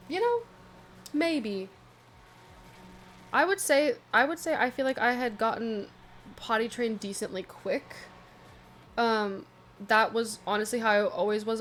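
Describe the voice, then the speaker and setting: A woman's voice: fairly high pitch, a little hiss or hum. Chatty young woman telling stories. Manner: chatty, animated retelling with asides. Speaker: vlogger. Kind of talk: casual storytelling chat.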